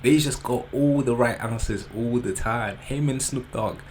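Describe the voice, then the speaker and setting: A man's voice: medium pitch, unhurried, a little mellow, low-quality recording. A man, hosting a reaction video in a loose, joking commentary with slang. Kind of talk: casual commentary. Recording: background noise.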